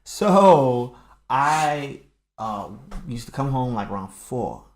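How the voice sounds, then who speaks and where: A man's voice: medium pitch, slow pace. A man in his thirties telling a childhood story on a casual podcast, acting out everyone's lines. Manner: animated storyteller who acts out everyone's lines. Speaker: podcast co-host. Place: home room. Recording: roomy home recording.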